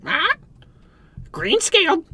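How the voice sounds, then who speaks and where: A man voicing a loud, cheeky male bird that shouts short, shrill exclamations. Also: wildly swooping pitch, slow pace, exaggerated voice. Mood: squawking.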